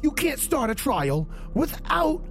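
A man's voice: very high-pitched, very animated, slow, soft background music, pitched above the performer's own voice, heavily acted. A man voicing a frantic, indignant male dwarf defense attorney who blusters and repeats himself.

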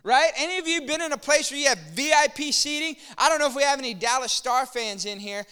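A man preaching a sermon as pastor, energetic and storytelling, acting out quotes. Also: very high-pitched, quick pace, long reverb tail.

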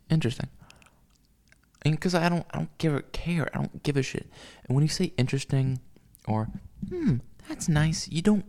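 Gravelly man ranting casually. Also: medium pitch, dark tone. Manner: profane, ranting, with many fillers and restarts. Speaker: vlogger. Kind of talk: casual rambling monologue.

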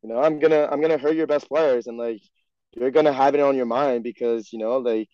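A man's voice: medium pitch, fairly even intonation, fairly quick, no room sound. A young man whose first language is French, speaking English with a French Canadian accent, rambling in a casual podcast chat full of "like" and "you know". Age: young adult. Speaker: guest, pro hockey player. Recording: dry, dull lo-fi sound.

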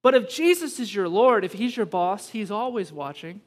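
High-voiced preacher in a reverberant hall. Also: male voice, lively intonation, normal speed. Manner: emphatic, conversational preaching with rising intensity and humor. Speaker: pastor. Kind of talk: sermon. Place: church sanctuary. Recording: long reverb from a large hall.

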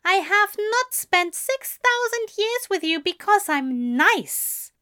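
A woman voicing a gentle male angel who speaks with emphatic, drawn-out affection. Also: extremely high pitch, expressive, voice pushed up, heavily acted. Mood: tender. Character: fond, gentle male angel, scolding tenderly.

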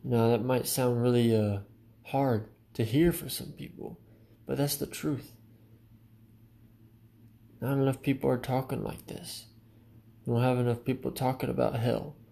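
Gravelly-voiced male preacher, earnest and direct. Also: mid-range voice, steady tone, a little slow, pauses often, dark tone. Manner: earnest, direct, repeats "my friend". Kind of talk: sermon.

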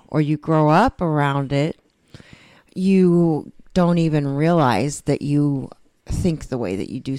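A woman's voice: sits low, a little mellow, clear, resonant tone, no room sound. A woman talking earnestly and a bit rambling in a casual recovery chat, often restarting her sentences.

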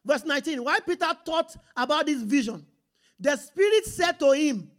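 A high-pitched woman delivers an animated sermon. She reads scripture aloud and breaks off to call out to her listeners, checking that they are following. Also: moderate pace. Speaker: preacher.

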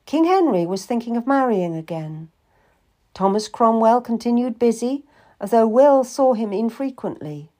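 A woman reading a first-person historical story aloud with measured, expressive storytelling. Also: on the high side. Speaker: audiobook narrator. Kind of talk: scripted first-person narration.

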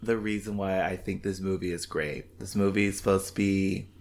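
A man's voice: deep voice, little pitch movement, normal speed. A man co-hosting a casual podcast, sassy and joking as he picks apart a movie. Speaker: podcast co-host. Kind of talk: casual movie review chat.

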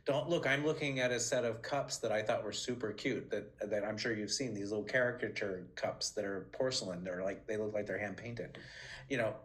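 A man as a podcast interview guest, telling animated stories with many restarts and high, bright quoted lines. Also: a little fast. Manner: animated storyteller, many restarts, jumps high when quoting. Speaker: interview guest, former assistant. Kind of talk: casual interview talk.

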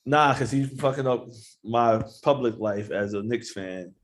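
Laid-back, profane New man. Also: medium pitch. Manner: laid-back, profane, laughing, drawn-out phrasing. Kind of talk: casual chat.

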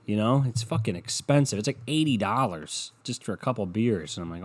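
A man's voice: on the low side, brisk. A young man hosting a podcast alone, ranting casually with lots of swearing and sarcasm. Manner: profane, sarcastic, rambling. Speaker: podcast host. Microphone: podcast microphone.

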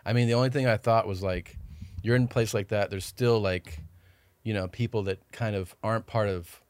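A man's voice: on the low side, steady tone, a little fast, darkish tone, clear, resonant tone. A man chatting as a podcast guest, telling a long story with swearing and acted-out quotes. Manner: rambling, swears, acts out quoted dialogue. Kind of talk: casual storytelling chat.

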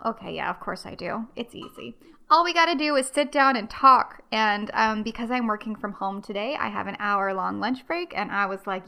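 A woman's voice: a little high, lively intonation, moderate pace, creaky, bright, forceful tone. A woman hosting her own podcast, chatting casually and rambling to listeners with many ums and friendly asides. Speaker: podcast host.

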